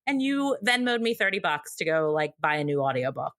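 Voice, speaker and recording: A woman co-hosting a podcast, chatting casually with quick, animated reactions. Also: sits low. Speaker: podcast co-host. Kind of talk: casual chat.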